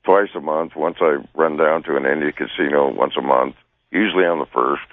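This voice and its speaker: A man's voice: extremely low pitch, brisk, no room sound. A man in his sixties calling in, talking in a folksy, rambling way about life in the mountains. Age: 60s. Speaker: caller. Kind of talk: casual chat. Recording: tinny phone line.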